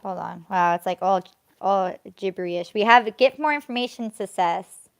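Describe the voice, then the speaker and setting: A young woman streaming a live tarot reading, talking casually as she shuffles and draws cards. Her pitch sits in the middle of a woman's range, and she stretches words out between bursts of excitement. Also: smooth. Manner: chatty, drawn-out, breaks into excited squeals. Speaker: tarot card reader.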